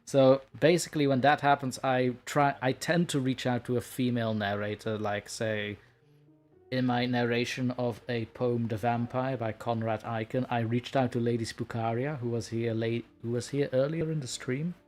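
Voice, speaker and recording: A man's voice: medium pitch, steady tone, moderate pace, darkish tone, soft background music. A man hosting a live stream, chatting casually and laughing at himself. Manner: laughs often, self-mocking. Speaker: stream host.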